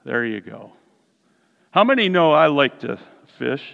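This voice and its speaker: Animated preacher man in a reverberant hall. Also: a little high, a little slow, gravelly. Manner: playful, animated, talks to the congregation. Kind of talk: sermon with humorous storytelling. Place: church sanctuary. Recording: distant hall echo, dull sound.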